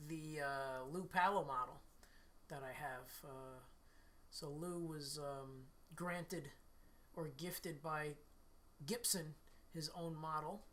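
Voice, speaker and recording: A middle-aged man with a slightly hoarse voice, talking slowly and easily as he hosts a live stream. He rambles in a relaxed way and thanks viewers by name. A faint hiss of noise sits under his voice. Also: a little high. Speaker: livestream host and guitarist. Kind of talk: casual chat with live viewers.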